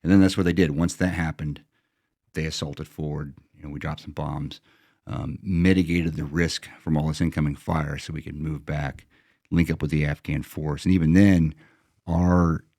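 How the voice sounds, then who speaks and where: A man's voice: very deep voice, steady tone, a little fast, gravelly, dark tone, no room sound, studio quality. A middle-aged American man, a former Green Beret, telling a combat story in a blunt, matter-of-fact way, rambling with restarts. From United States. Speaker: retired Green Beret sergeant major, guest.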